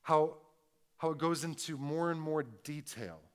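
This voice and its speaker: A man, a pastor, preaching a conversational sermon, punctuating points with tag questions and moving between loud emphatic stresses and quiet, slow reflective passages. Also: on the high side.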